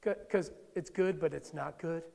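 High, gravelly-voiced male pastor preaching. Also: unhurried, a little mellow. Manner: conversational, playful asides to the congregation. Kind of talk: sermon. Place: church sanctuary. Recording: long hall reverb.

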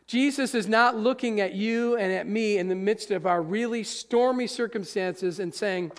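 A man preaching a sermon to his congregation, emphatic, swinging between hushed and loud, speaking to them directly. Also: high-pitched, normal speed. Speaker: pastor. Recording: long reverb of a large hall.

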